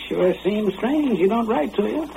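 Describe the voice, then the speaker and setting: An actor playing a teasing, folksy young country fellow who talks in rough rural grammar, in an old radio drama. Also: male voice, sits high, expressive, unhurried, warm tone, exaggerated voice. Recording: dull old radio recording, faint hiss.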